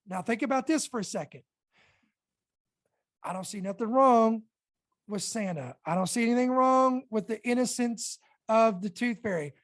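A woman hosting a Christian podcast, talking earnestly and reading her notes slowly, with emphatic stresses. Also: on the high side. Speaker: podcast host. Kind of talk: Christian podcast commentary, partly read aloud. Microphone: podcast microphone.

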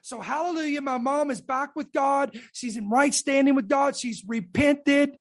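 A woman's voice: high voice, normal speed, hardly any pauses. A woman preacher giving a fervent sermon testimony, emphatic and calling out to her congregation.

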